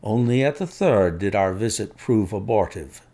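Gravelly-voiced man narrating a story. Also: on the low side, expressive, normal speed, mellow. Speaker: audiobook narrator. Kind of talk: scripted narration.

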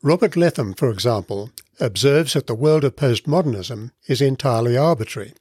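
A man's voice: mid-range voice, expressive, darkish tone, husky, no echo, clean studio sound. Man giving an earnest scripted Bible teaching. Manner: measured, earnest reading with deliberate emphasis.

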